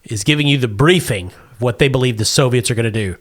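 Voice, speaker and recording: A man narrating a comedic tabletop game as game master, setting scenes deadpan and laughing often. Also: mid-range voice, fast, hardly any pauses.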